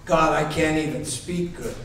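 A man's voice: fairly high pitch, moderate pace, a bit bright, voice pushed down, natural voice. A man voicing Moses as a timid, reluctant man who pleads and complains. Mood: pleading. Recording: very echoey hall, voice from far off.

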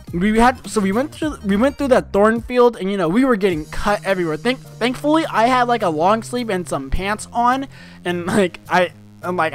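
A young man telling a personal story to his viewers in a rambling, casual way, full of fillers and restarts. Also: sits high. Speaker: vlogger.

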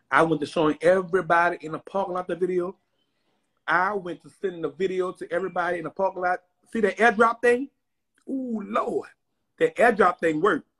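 A man telling a dramatic story to his viewers in a loud, slangy rant that bursts into shouting. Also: sits high.

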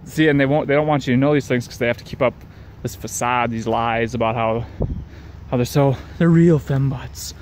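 A man's voice: mid-range voice, a little mellow, slight background noise. A man talking in a rambling, profane casual rant, repeating himself and chuckling between sentences.

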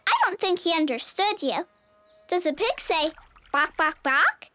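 A woman's voice: very high voice, expressive, measured pace, sharp tone, soft background music, full character voice. A woman voicing a friendly cartoon farmer who is looking for her lost pig.

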